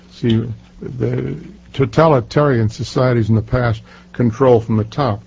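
Gravelly older man telling stories. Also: mid-range voice, measured pace, a little mellow. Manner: emphatic, storytelling, many fillers and restarts. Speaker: author being interviewed. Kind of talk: casual interview talk. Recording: muffled lo-fi recording.

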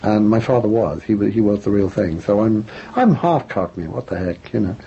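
A man's voice: fairly low pitch, normal speed, mellow. An older man from England, answering interview questions in a reflective, self-deprecating way with frequent restarts. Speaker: author and guest. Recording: dull lo-fi radio recording with faint noise.

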